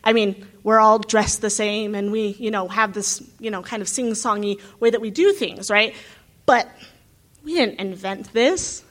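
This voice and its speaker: A woman's voice: mid-range voice, measured pace. Earnest woman thinking aloud. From United States. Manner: earnest, animated, thinking aloud with many asides. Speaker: graduate student. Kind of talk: reflective talk.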